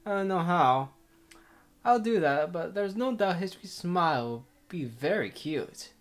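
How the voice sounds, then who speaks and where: A man's voice: high-pitched, animated, measured pace. A man reading a visual novel aloud with his own commentary, rambling and cutting himself off. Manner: rambling, self-interrupting, laughs often. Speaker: let's player.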